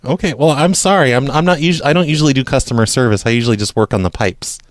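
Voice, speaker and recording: A man's voice: mid-range voice, fast talker, no echo. A man hosting a radio show, making prank phone calls and talking in a mock-innocent, apologetic way. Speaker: prank call radio host.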